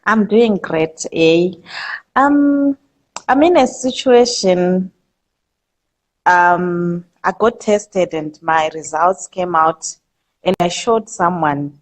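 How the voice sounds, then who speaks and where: Hesitant woman caller, slow and low. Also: low-quality recording. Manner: hesitant, halting, full of fillers. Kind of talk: live call-in.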